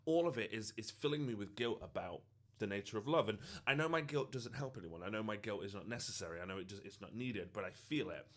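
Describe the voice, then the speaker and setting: A man's voice: fairly low pitch, expressive, fast talker, a bit bright. A man, a social media creator, telling a personal story in an earnest, reflective way. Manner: earnest and reflective, with frequent fillers. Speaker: TikTok creator.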